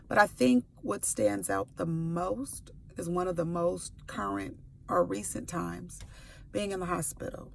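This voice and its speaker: A woman's voice: lowish voice, vocal fry, slight background noise. A woman in her forties telling her own story to camera, candid and playful, with slangy asides. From California. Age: 40s. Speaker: sickle cell advocate. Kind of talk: personal testimony to camera. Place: before work, recording a video.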